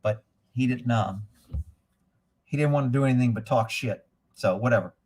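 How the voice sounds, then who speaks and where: A man's voice: mid-range voice, moderate pace, a little mellow, husky. A middle-aged man hosting a casual livestream, blunt and crude, joking and reading viewer comments aloud. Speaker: livestream host reading chat. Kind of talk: casual profane livestream chat.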